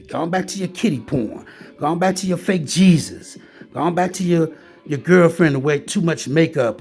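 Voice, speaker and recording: Speaking straight to the listener and repeatedly calling him "man," a male vlogger delivers a heated, repetitive rant. His voice is fairly high in pitch with a darkish tone.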